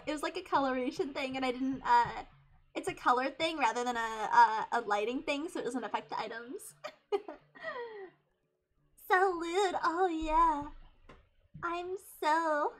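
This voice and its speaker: A young woman in her twenties chatting casually on a live stream, giggly and hyper, getting loud when excited. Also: high voice, measured pace. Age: 20s.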